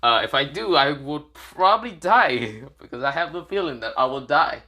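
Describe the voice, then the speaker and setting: A man voicing an easygoing ninja teacher in a narrated anime fan story. He drawls and hesitates, in a bright voice with lively pitch. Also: normal speed. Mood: laid-back. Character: laid-back adult male ninja teacher.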